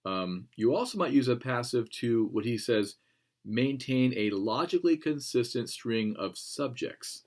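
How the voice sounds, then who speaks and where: A man giving a classroom lecture on clear writing, explaining plainly with frequent ums and reading passages aloud. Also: mid-range voice, expressive, measured pace. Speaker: teacher.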